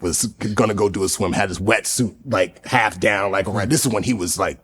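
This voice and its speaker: On a podcast, a man who went through Navy SEAL training tells earnest stories in a relaxed way, full of fillers. His voice runs on the low side and fairly bright, with a breathy edge and a brisk pace.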